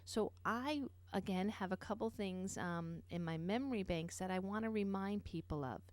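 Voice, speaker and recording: A woman's voice: medium pitch, darkish tone, no echo. Earnest middle-aged woman host, dry sound. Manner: earnest, many fillers and asides. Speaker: nutrition show host. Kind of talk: personal story and health talk.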